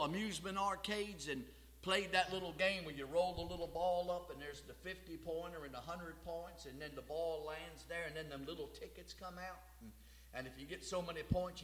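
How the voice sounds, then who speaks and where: Older male preacher, high and bright voice, folksy sermon delivery, heavy hall reverb. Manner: folksy preaching, swells louder on key words, drawn-out scripture reading. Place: church sanctuary. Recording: long reverb of a large hall.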